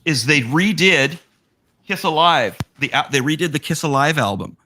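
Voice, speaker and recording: A man talking over a video call with a bright, forward voice that is getting a little hoarse. He rambles excitedly and keeps interrupting himself, in a loose, casual-chat way. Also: a little high, moderate pace, a little hiss or hum. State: losing his voice, hoarse. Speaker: collector showing memorabilia.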